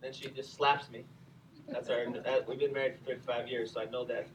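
A middle-aged man preaching a sermon in an animated, conversational way, with asides to his listeners. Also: medium pitch, fairly quick, far from the mic, a little hiss or hum, poor audio. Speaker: pastor.

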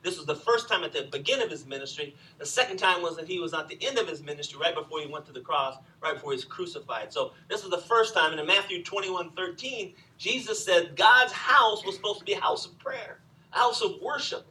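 A man preaching a sermon, telling the story with animated swings from loud to hushed. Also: high voice, brisk, far from the mic, poor audio. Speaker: pastor.

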